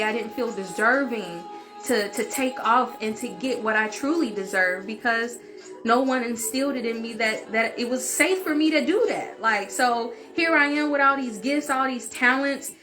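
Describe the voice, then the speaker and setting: A young woman vlogger tells a personal story in an open, emotional way, close to tears at times. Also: a little high. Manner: emotional, confessional, speaks openly and with feeling. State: tearful at times.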